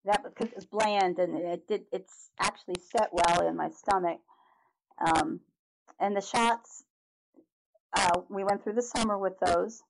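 A middle-aged woman, a podcast guest, telling a personal story in an animated way, with halting restarts and acted-out reactions. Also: mid-range voice, gravelly. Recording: noticeable background noise.

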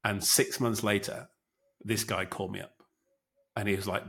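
A man with a low voice, talking through his experiences in an easygoing podcast chat. He tells stories with lively acted-out quotes and a steady, conversational flow. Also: normal speed, vocal fry. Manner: animated anecdotes with acted quotes. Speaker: guest co-host, former military officer.

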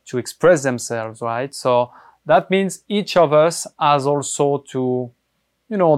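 A man speaking as a podcast guest, answering reflectively with many pauses and hesitations. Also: a little high.

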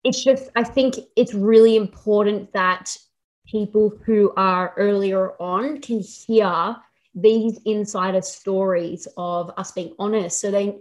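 A woman's voice: medium pitch, fairly even intonation, takes it slowly, a little mellow. A young woman hosting a podcast, a fitness coach talking candidly and reassuringly, with plenty of swearing. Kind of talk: casual podcast chat.

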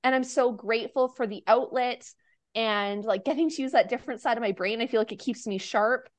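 A woman chatting as a podcast guest, animated and quick to act out the things people said. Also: on the high side, dry recording. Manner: animated, acts out quoted dialogue. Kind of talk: casual podcast conversation.

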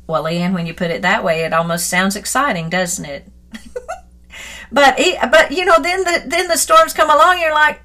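A middle-aged woman and Christian author giving an earnest personal devotional talk into her phone, reflective and at times animated. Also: high voice, normal speed. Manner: earnest and reflective, grows animated and laughing when retelling a story.

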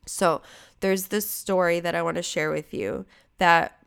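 A woman with a lowish, smooth and clear voice hosts her own podcast alone. She talks casually and loosely, swearing often and drifting into side remarks as she tells stories. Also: fairly even intonation, unhurried, fairly bright tone. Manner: chatty, profane, rambling asides. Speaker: podcast host. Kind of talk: casual solo podcast chat.

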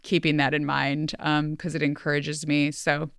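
A woman's voice: low voice, flat delivery, moderate pace, gravelly, clear, resonant tone, no room sound. A woman hosting a solo podcast, speaking earnestly and emotionally, close to tears, in a chatty way full of fillers. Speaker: podcast host. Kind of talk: heartfelt solo podcast farewell.

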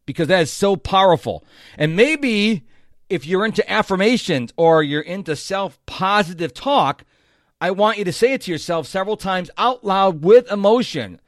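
A man's voice: high voice, expressive, moderate pace, dry recording, clean studio sound. A middle-aged man hosting a motivational podcast, talking straight to the listener with emphatic, repeated phrases. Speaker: podcast host.

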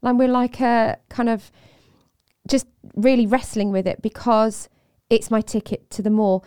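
A woman co-hosting a casual faith discussion, earnest and quick to laugh. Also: a little high, fairly even intonation, dark tone, clear, resonant tone, no echo, studio quality. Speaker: podcast co-host.

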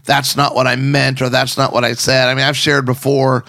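A man with a gravelly, creaky voice of middle pitch, chatting casually and giving advice to husbands. He tells stories in a sarcastic, animated way. The sound is close and dry. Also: moderate pace, no echo. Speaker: podcast co-host.

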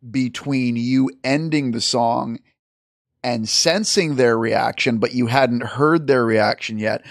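A man's voice: medium pitch, dry recording, studio quality. A man hosting a podcast in casual chat, chatty, often restarting his sentences, with a light swear now and then. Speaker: podcast host.

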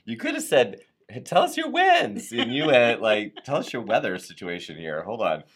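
A man's voice: medium pitch, wildly swooping pitch, moderate pace, slightly rough. A man hosting a live show, reading viewer comments in an upbeat, playful way and sometimes tripping over words. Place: Atlanta area.

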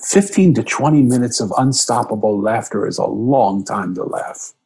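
A middle-aged man earnestly telling a personal story, emotional and reflective, his pitch jumping up when he quotes himself. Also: normal speed, gravelly, darkish tone, slightly rough, poor audio.

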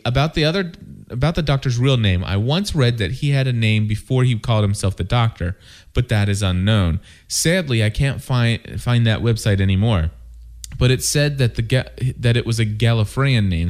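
A man's voice: fairly low pitch, a little mellow. A man co-hosting a fan podcast, reading listener emails aloud with frequent restarts. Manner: halting, with restarts. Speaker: podcast co-host.

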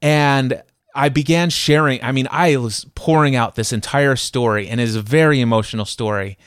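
A male podcast host tells a personal story in a lively, conversational way, slipping into quoted voices as he goes. His voice sits in an ordinary mid range. The sound is dry and close. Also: medium pitch, normal speed, clean tone, no room sound. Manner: animated, acts out quoted voices.

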